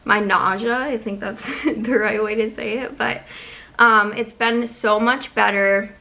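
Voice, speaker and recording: A young woman chatting casually at home in a vlog, talking quickly with lots of ums and sounding a little out of breath. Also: on the high side, fairly even intonation, pushed and bright, poor audio. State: slightly out of breath. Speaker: vlogger. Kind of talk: casual pregnancy update vlog.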